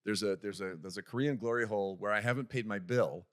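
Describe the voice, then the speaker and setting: A man's voice: fairly low pitch, quick pace. A man on a podcast telling a comic anecdote, restarting and repeating words often and acting out the voices in his story. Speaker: podcast guest. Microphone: podcast studio microphone.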